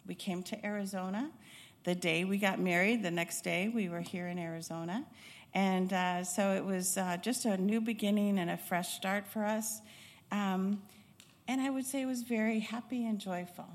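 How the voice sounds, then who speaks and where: A middle-aged woman from Chicago, a former pediatric nurse and instructor, tells her life story in a reflective, unhurried way, often pausing with hesitations. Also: mid-range voice, fairly even intonation. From Chicago, United States. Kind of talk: personal life-story talk. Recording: long hall reverb.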